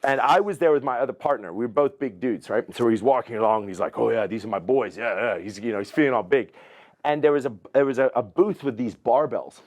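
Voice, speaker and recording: A middle-aged man appears as a podcast guest, speaking fast in a mid-range voice. In casual chat he tells a long story animatedly, swearing freely and acting out other people's lines.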